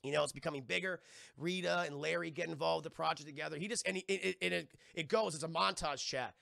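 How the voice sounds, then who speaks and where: Male streamer, profane rambling recap, sharp tone, dry close sound. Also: a little high, gravelly, no echo. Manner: profane, rambling, keeps addressing chat; acts out quoted lines in quick voices. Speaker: streamer reviewing a TV episode. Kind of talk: casual livestream recap.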